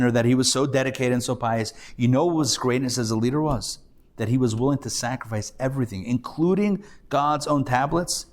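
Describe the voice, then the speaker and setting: A man, a rabbi, lecturing a live class with animated storytelling and rhetorical questions. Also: medium pitch. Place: classroom before a live audience.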